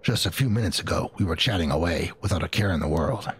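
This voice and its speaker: A man voicing a gruff, determined young man in a game, with a low, gravelly, brooding put-on growl and game music behind. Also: expressive, fast, full character voice. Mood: grim. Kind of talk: voicing game dialogue in a let's play.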